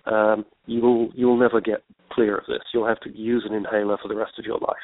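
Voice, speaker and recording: A man with an English accent, a guest author telling his story in a reflective, unhurried way during a radio interview by phone. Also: fairly low pitch, little pitch movement, no echo. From England. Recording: tinny phone line.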